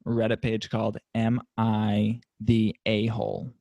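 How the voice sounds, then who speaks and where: A man's voice: fairly low pitch, monotone, a little slow, creaky, dark tone, dry recording. Playful young man co-hosting a podcast. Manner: playful, chatty. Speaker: podcast co-host. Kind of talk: casual podcast chat.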